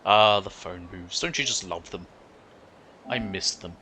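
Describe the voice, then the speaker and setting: A man's voice: deep voice, unhurried, pushed and bright, slight background noise. A man streaming a game, making casual joking commentary and talking back to the game.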